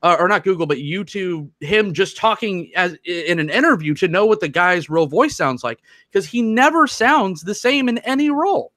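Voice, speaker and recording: A man's voice: high voice, animated, moderate pace, few pauses, a bit bright, no room sound, clean studio sound. A man co-hosting a podcast in casual chat, rambling, restarting his sentences and joking as he goes. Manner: rambling, self-interrupting and joking. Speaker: podcast co-host.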